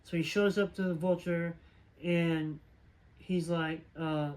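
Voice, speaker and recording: High-voiced man rambling through a plot recap. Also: steady tone, takes it slowly, a little mellow, poor audio. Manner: rambling, filler-heavy retelling. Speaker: movie reviewer. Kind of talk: casual movie plot recap.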